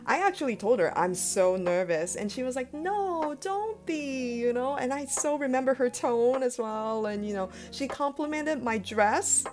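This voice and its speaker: A woman radio host telling stories in casual chat, animated and laughing often. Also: sits high, moderate pace, hardly any pauses, faint music behind.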